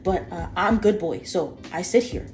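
A big, goofy puppy dog talking in an earnest, childlike way, as a woman puts him on. He sounds proud and innocent, with a voice lifted a little higher than hers. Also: normal speed, darkish tone, soft background music, natural voice.

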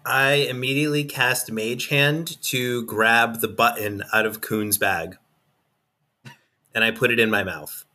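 A man's voice: medium pitch, fairly even intonation, measured pace, bright, forceful tone. A man playing a tabletop game, chatting casually and checking the rules. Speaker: player.

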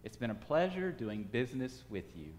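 A man voicing a calm, shrewd trader who speaks softly and politely. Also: mid-range voice, natural voice. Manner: soft-spoken, polite and measured. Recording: long hall reverb.

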